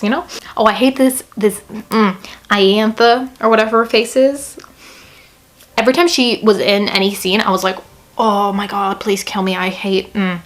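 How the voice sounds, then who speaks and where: A young woman talks through a book she loves in a casual vlog, gushing and excitable. She peppers her speech with "like" and stops now and then to read passages aloud. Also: medium pitch, a little hiss or hum. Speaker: book reviewer.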